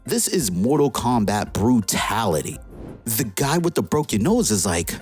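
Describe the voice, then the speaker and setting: A woman reviewing a comic book, who retells the story in an excited, slangy, casual way. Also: very deep voice, a little slow, soft background music.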